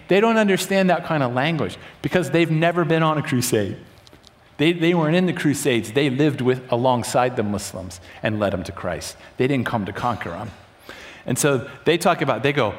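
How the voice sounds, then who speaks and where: A man preaching a sermon in a lively, conversational way, often acting out voices in quotes. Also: mid-range voice, brisk, in a large hall. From United States.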